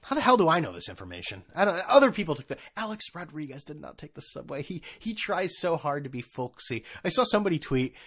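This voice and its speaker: A man's voice: fairly high pitch, very animated, fast, hardly any pauses, a bit bright. A man hosting a podcast, ranting sarcastically with profanity, stammering restarts and laughs at his own jokes. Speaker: podcast host. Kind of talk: casual ranting monologue.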